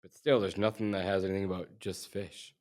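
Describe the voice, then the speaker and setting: A man with a deep, low voice hosts a casual business podcast. He reads figures aloud in an easy, unhurried way and keeps prompting his guest to go on. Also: flat delivery, darkish tone. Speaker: podcast host. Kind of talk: casual interview.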